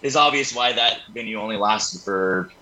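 A man's voice: fairly low pitch, normal speed, crowd noise, low-quality recording. A man in a band, a podcast guest, telling stories bluntly and sardonically. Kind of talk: casual chat.

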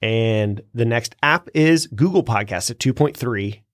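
A man's voice: mid-range voice, animated, unhurried, no room sound, studio quality. A man co-hosting a podcast, explaining things step by step in casual chat and laughing easily. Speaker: podcast co-host.

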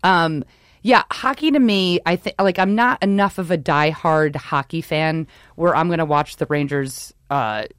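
A woman from New York co-hosting a podcast, chatting about sports in an excitable, rambling way that keeps breaking off mid-thought. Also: sits low, measured pace, clear, resonant tone, no room sound, studio quality. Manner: rambling, excitable, self-interrupting. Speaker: podcast co-host. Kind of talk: casual sports chat.

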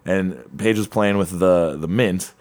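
A man co-hosting a podcast, telling a story in a casual, profane, animated way with lots of filler words. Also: low-pitched, unhurried. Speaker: podcast co-host.

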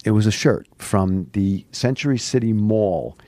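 A man telling a long story as a podcast guest, animated and full of restarts, recorded in a studio late at night. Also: lowish voice, unhurried, no room sound. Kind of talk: casual storytelling.

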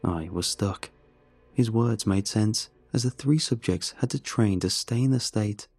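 A man reading a first-person horror story in a measured, steady way. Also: fairly low pitch, slightly rough, no room sound.

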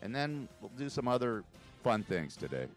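A man's voice: mid-range voice, very animated, normal speed, music in the background. A man hosting a talk radio show, rambling and emotional in a casual monologue, often laughing, from a studio mic.

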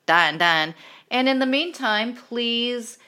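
A woman's voice: on the high side, lively intonation, slow, bright, forceful tone, smooth. A woman co-hosting a podcast, chatting casually and joking, who closes the episode. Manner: joking, wraps up the show. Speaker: podcast co-host. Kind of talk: casual chat recap.

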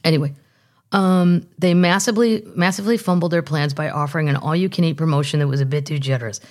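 A woman's voice: sits low, fast, a little mellow. A woman hosting a podcast, chatting casually and reading news aloud with jokey asides. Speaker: podcast host. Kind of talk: casual comedic chat.

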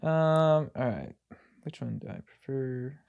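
A man's voice: mid-range voice, lively intonation, takes it slowly, gravelly, a little mellow, highs cut off. A man chatting on a casual podcast, enthusiastic and rambling, often restarting sentences.

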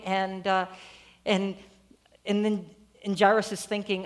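A woman preacher tells a story in a lively, conversational sermon. She keeps turning to her audience with questions, with an everyday, mid-range voice. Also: medium pitch, normal speed.

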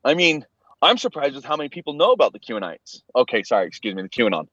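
A man's voice: medium pitch, sing-song, quick pace, a bit bright, husky, dry recording, muffled recording. A man co-hosting a podcast over a video call, chatting casually and laughing often, calling his friend bro. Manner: laid-back, laughs often, says bro a lot. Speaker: podcast co-host. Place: inside a car.

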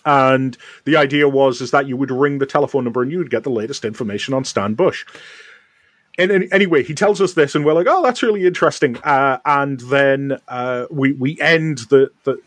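A man's voice: medium pitch, normal speed, dry recording. Rambling storyteller man, dry sound. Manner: rambling anecdotal storytelling with many fillers. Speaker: podcast host. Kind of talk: casual chat.

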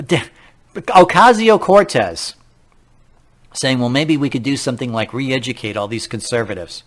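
A man hosting a political talk radio show, speaking in an animated, incredulous way, firing off rhetorical questions and now and then laughing at his own slips. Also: a little high.

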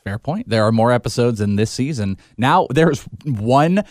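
A man's voice: medium pitch, animated, moderate pace, darkish tone. A male podcast host opening the show in a casual, joking, rambling way. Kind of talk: casual chat.

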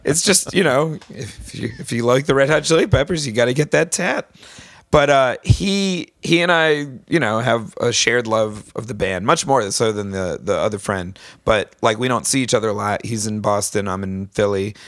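A man's voice: mid-range voice, moderate pace, a bit bright, dry recording, studio quality. A man guest on a podcast, telling a story in casual chat with lots of fillers and restarts. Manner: rambling storyteller, many fillers.

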